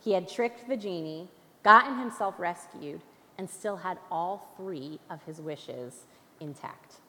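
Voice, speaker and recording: A woman's voice: fairly low pitch, a little slow, bright, forceful tone. Young woman, guest preacher, playful conversational sermon, long hall reverb. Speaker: guest speaker.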